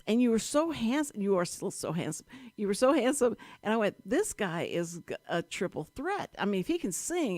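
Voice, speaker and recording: A woman hosting a live community radio talk show, bubbly and gushing with quick asides. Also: fairly high pitch, darkish tone, no echo.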